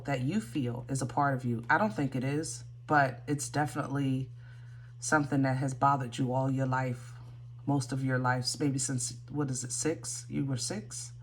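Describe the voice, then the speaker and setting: A woman's voice: rumbling low, slight background noise. A woman giving a casual tarot reading, thinking aloud with many fillers and restarts. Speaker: tarot reader.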